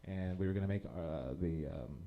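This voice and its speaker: A young man performing a stand-up comedy set, telling self-mocking stories in an animated way on a small theater stage. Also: deep voice, normal speed, phone-quality sound.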